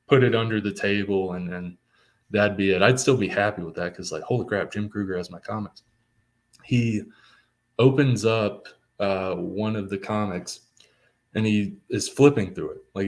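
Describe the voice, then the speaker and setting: Young male guest, low-ish voice, eager storyteller, heavy on fillers. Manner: excited, many fillers like "like". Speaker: comics writer, guest. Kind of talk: casual storytelling.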